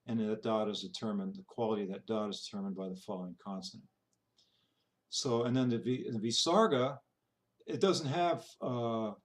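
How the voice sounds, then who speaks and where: Man teaching pronunciation, halting and hesitant. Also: medium pitch. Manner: halting, full of fillers and restarts, demonstrates sounds aloud. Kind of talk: informal pronunciation lesson.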